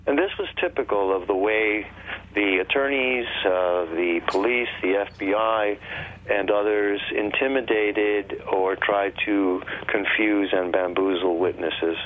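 A man's voice: fairly low pitch, measured pace, a little hiss or hum. A man talking on a radio show, explaining at length in an insistent way over a phone line. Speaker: guest. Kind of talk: radio call-in talk.

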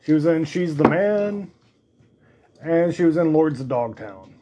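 A man's voice: fairly high pitch, expressive, unhurried, dark tone, husky. A man hosting a podcast in casual chat, rambling and swearing now and then. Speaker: podcast host.

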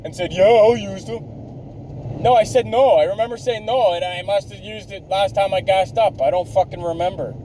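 A high-voiced man in his thirties rants through a solo podcast, swearing at every turn and mocking himself. His tone is dark and mellow. Faint traffic noise hums behind him. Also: fairly even intonation, normal speed, low-quality recording. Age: 30s. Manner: ranting, swears constantly, self-mocking. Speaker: podcast host. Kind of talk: profane rambling monologue.

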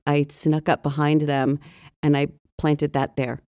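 A woman's voice: deep voice, flat delivery, unhurried, warm tone, no echo. A woman co-hosting a podcast in casual chat, dry, skeptical and matter-of-fact. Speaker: podcast co-host.

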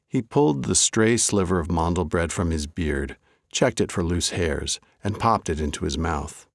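A man hosting and narrating a folk story in a measured, wry storytelling manner. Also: low voice, lively intonation, creaky, no echo, clean studio sound. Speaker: host and storyteller.

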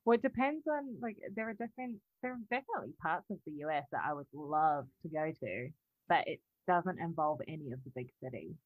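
Low-voiced Australian woman, chatty. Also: animated, a little fast, narrow, tinny audio. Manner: chatty, laughs often, trails off mid-thought. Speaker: podcast co-host. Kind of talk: casual chat.

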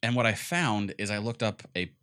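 Deep-voiced young man chatting about games. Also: lively intonation, normal speed, sharp tone, clean tone. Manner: rambling, enthusiastic, filler-heavy. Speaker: podcast co-host. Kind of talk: casual gaming chat.

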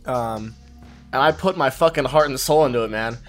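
Young man, podcast guest, excitable, restarts sentences, faint music behind. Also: mid-range voice, normal speed. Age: young adult. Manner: excitable, swearing, many restarts. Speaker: guest YouTuber. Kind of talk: casual podcast chat.

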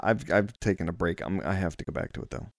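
A man's voice: low-pitched, fast, no echo, clean studio sound. A man hosting a casual gaming podcast, telling stories with frequent laughs. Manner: laughing, lively storyteller. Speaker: podcast host. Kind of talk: casual chat.

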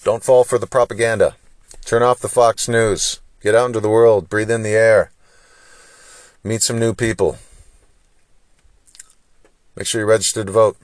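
A man's voice: on the low side, level tone, moderate pace, long pauses, dry recording, clean studio sound. A man hosting a solo podcast, talking through his frustration in a lecturing stream of rhetorical questions. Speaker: podcast host. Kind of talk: solo opinion monologue.

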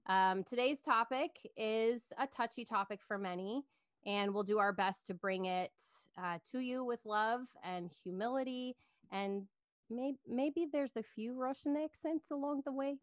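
A woman's voice: on the high side, unhurried, smooth, no room sound, clean studio sound. A woman co-hosting a faith podcast in an upbeat, earnest, casual way, laughing easily. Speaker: podcast co-host.

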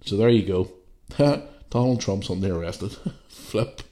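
A Northern Irish man talks casually on his own podcast, speaking bluntly and swearing as he airs his opinions. His voice sits on the low side, and he sounds sniffly as he gets over a bout of flu. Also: animated, takes it slowly, warm tone. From Northern Ireland. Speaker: podcast host. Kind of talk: casual solo podcast rant.

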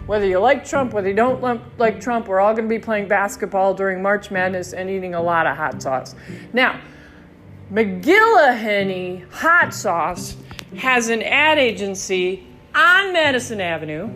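A woman hosting her own podcast in a rambling, excitable monologue, swearing freely. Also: fairly high pitch. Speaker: podcast host. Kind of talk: casual monologue.

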